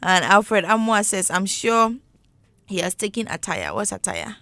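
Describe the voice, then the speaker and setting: A woman's voice: medium pitch, expressive, unhurried, pushed and bright. A woman co-hosting a morning radio show, reading listener comments with playful asides. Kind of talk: casual morning radio chat.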